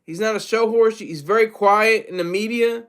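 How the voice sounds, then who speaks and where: A man's voice: high voice, moderate pace, a bit bright. A man giving casual, rambling solo commentary on hip hop, self-deprecating and full of restarts.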